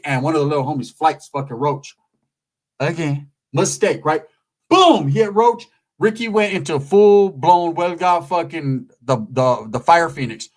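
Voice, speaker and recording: A man from California's Central Valley telling a profane comedic story, animated and constantly asking "right?". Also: fairly high pitch, measured pace.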